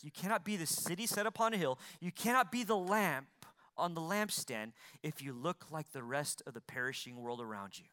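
High-voiced bright preaching man. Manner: preaching with sharp swings between loud emphasis and quiet pleading; repeats lines for emphasis, asks the congregation questions. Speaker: pastor. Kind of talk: sermon.

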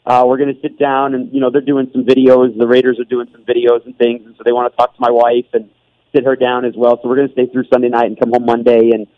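A man's voice: mid-range voice, completely flat delivery, fast talker, no room sound. A man, a guest broadcaster, chatting on a radio show in a rambling way with restarts and laughs. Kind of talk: radio interview chat. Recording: dull remote line.

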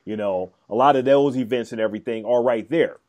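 A man's voice: medium pitch, a little fast, a little mellow. A man co-hosting a podcast in casual chat, talking hesitantly with many fillers and restarts. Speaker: podcast co-host.

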